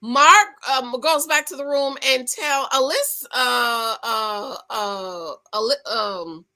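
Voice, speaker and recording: Sassy, bright-voiced woman vlogger. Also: high-pitched, slow pace. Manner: sassy, animated, talks straight to viewers. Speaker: reality TV recap vlogger. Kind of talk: casual recap commentary.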